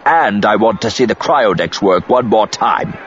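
A man voicing a smooth, menacing male crime boss who speaks quietly in clipped, hissing words. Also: fairly low pitch, expressive, normal speed, highs cut off, pitched above the performer's own voice, close to an everyday voice. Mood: calculating.

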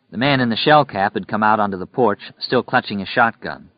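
A man with a low voice narrating a story in a steady, measured way. The recording is close and dry, and its sound is dull and lo-fi. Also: no room sound. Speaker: audiobook narrator. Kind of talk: scripted narration.

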